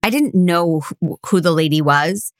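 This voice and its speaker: A woman's voice: lowish voice, moderate pace, no room sound. A woman co-hosting a podcast in casual chat, speaking into a microphone with dry, sarcastic humor. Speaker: podcast co-host.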